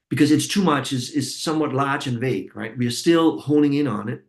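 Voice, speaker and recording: A man with a gravelly, fry-tinged voice leads a training group. He talks reflectively, restarting and repeating words as he works out each point for his listeners. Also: medium pitch, normal speed, few pauses. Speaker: facilitator and course trainer. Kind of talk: teaching a group training session.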